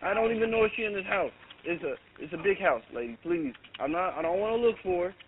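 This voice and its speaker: Urgent high-voiced man on a phone call. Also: animated, quick pace. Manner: urgent, exasperated, pleading. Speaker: 911 caller. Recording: tinny phone line with faint noise.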